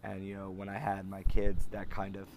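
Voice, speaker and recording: A man in his thirties hosting a podcast, talking in a rambling, halting way with many restarts and fillers. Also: deep voice, completely flat delivery, darkish tone, a little hiss or hum. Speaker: podcast host. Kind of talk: casual personal monologue.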